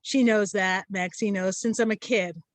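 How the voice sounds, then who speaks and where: A woman with a Brooklyn accent, co-hosting a casual chat and telling stories, loudly acting out the people she quotes. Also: medium pitch, moderate pace, no echo. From Brooklyn, New York. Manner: animated, acts out quotes loudly. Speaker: co-host.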